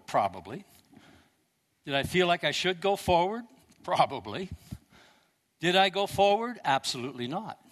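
Older male preacher, animated storyteller voice, slightly high, hall reverb. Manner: storytelling with wide swings between loud and hushed. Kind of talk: sermon.

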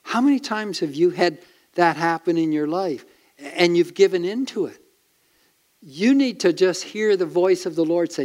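A man preaching a sermon as pastor, earnest and emphatic, with dramatic pauses. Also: a little high, darkish tone.

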